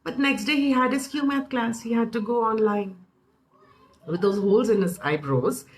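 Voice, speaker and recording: A woman in her thirties with an Indian English accent, giving an informal parenting talk full of personal anecdotes. She tells her stories in an animated way and acts out what family members said. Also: a little high, normal speed, poor audio. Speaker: parenting speaker.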